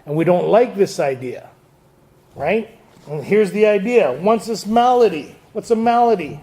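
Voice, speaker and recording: High, gravelly-voiced man quizzing a room. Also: animated, a little slow, warm tone. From Canada. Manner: quizzes the audience, joking and laughing. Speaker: AA speaker leading a Big Book study. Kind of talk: lively talk to a recovery group. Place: meeting room with audience.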